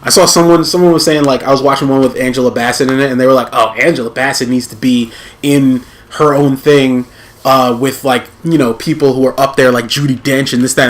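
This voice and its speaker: A man hosting a let's play, chatting casually with plenty of fillers and restarts. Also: medium pitch. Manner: rambling, full of fillers and restarts. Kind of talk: casual gaming chat.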